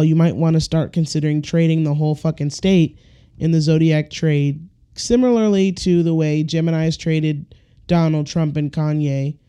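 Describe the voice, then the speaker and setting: A woman hosting a solo podcast, talking bluntly and profanely in an animated rant. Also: deep voice, smooth. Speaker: podcast host. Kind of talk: casual solo podcast monologue.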